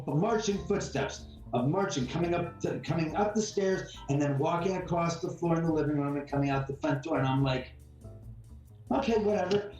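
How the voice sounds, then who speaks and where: A man, a homeowner guest in an interview, telling a story bluntly and acting out what people said. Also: fairly high pitch. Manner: blunt, animated storyteller who acts out quotes. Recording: roomy, distant mic with faint music.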